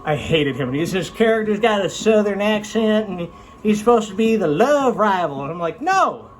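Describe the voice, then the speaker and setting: A man talking casually to camera about a show he watched, his voice sitting a little high for a man. He rambles and restarts his sentences, frank and unpolished. A faint hum of room noise lies under his voice. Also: animated, fairly quick. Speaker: vlogger reviewing an anime. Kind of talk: casual spoken review.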